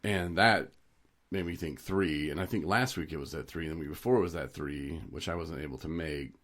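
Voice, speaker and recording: A man's voice: rumbling low, brisk, fairly bright tone. A man co-hosting a podcast, chatting casually and rambling through stories with frequent chuckles. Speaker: podcast co-host. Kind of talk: casual chat.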